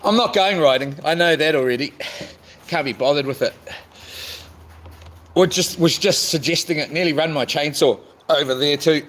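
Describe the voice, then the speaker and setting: A man's voice: on the high side, normal speed, pauses often, fairly bright tone, slight background noise. A middle-aged man with a New Zealand accent, vlogging casually, frustrated, stumbling and repeating himself as he talks. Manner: frustrated, repetitive, stumbling restarts. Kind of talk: casual vlog rant.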